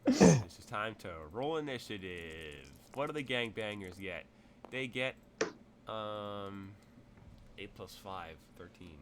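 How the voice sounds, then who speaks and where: A man's voice: lowish voice, animated, slow pace, a crowd in the background. A man narrating a tabletop game as game master, rambling with many fillers and restarts.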